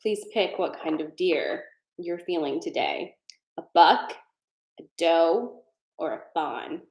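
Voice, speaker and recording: A woman's voice: lowish voice, lively intonation, slow, a little mellow. A woman hosting a casual live tarot card reading, chatty and digressive, laughing often. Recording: roomy echo.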